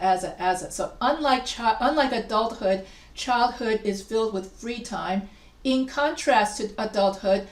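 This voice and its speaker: A woman's voice: mid-range voice, reverberant, recorded from a distance. A woman writing instructor lecturing over a video call, explaining patiently and repeating example sentences for emphasis. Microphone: video call microphone.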